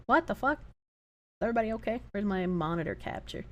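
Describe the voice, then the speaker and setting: Woman streamer, lively pitch, profane casual chat. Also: a little fast. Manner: animated, profane, reacting to videos. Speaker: livestreamer.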